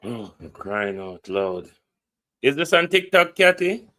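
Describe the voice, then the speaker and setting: A man with a Jamaican accent and a mid-range voice speaks at a measured pace with big pitch swings and a pushed, bright tone. On his casual live stream, picked up by a phone or computer mic, he names viewers as he greets them, reads a contact number and chats loosely.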